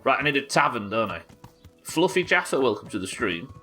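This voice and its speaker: A man's voice: mid-range voice, very animated, a little fast, pushed and bright, faint music behind. A man streaming a game live, chatting casually with his viewers and swearing freely as he goes. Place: home streaming setup.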